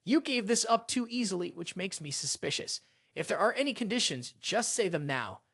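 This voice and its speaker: A man's voice: high-pitched, animated, normal speed, creaky, a bit bright, dry recording, exaggerated voice. Male narrator as a cool, blunt young hero, dry delivery, storybook recap. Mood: cold. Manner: cold and dry.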